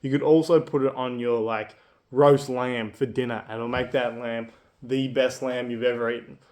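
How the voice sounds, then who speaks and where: A man's voice: mid-range voice, steady tone, moderate pace, a little mellow, close to an everyday voice. A man doing a pushy roadside sauce seller. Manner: insistent salesman patter.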